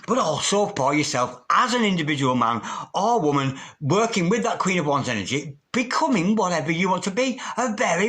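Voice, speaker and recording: A man's voice: a little high, fairly bright tone. A man giving a tarot reading in a theatrical, sing-song manner, calling the listener darling. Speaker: tarot reader.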